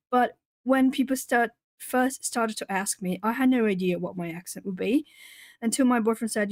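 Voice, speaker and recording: A woman's voice: fairly high pitch, normal speed, a little mellow, dry recording. A woman from Brazil chatting casually on a live art stream, laughing often and answering viewers' comments as she colours. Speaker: artist streamer.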